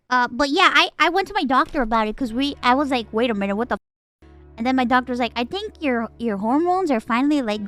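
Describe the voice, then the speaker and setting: High bright bubbly girl streaming, chatting casually with chat, squeaky and lively. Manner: bubbly, swings between squeals and mumbles.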